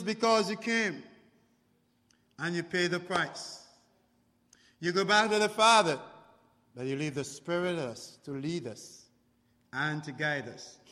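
A man preaching a sermon, speaking slowly and deliberately and rising into loud exclamations. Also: mid-range voice, big-room sound. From outside Canada.

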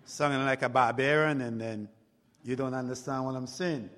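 A man preaching a sermon, speaking slowly and deliberately and rising into loud exclamations. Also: medium pitch, fairly even intonation, in a large hall. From outside Canada.

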